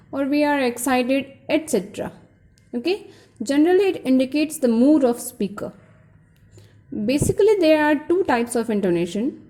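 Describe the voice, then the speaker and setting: A woman's voice: a little high, warm tone. A woman teaching an English pronunciation lesson, patiently explaining and modeling example sentences with exaggerated rises and falls. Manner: frequently asks "Okay?" to check understanding.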